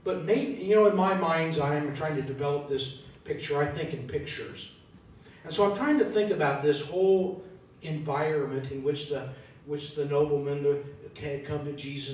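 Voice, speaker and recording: In a church sanctuary, a man preaches a sermon, thinking aloud conversationally and putting questions to the congregation. The recording is from far off in an echoey hall with a faint rumble.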